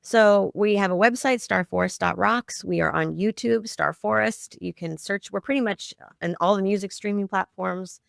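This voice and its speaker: A woman's voice: medium pitch, moderate pace, creaky, few pauses, clear, resonant tone, dry recording, studio quality. A middle-aged woman, a guest on a podcast, telling a family story in a heartfelt, emotional way. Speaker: guest, founder of a children's music project. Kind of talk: conversational storytelling interview.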